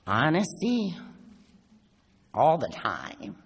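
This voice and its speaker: A woman's voice: low voice, huge pitch swings, drawn-out words, gravelly. A woman giving a blunt, sarcastic, self-mocking recovery talk at a convention, swearing freely. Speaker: AA speaker. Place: large convention hall. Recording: echoey hall with faint noise.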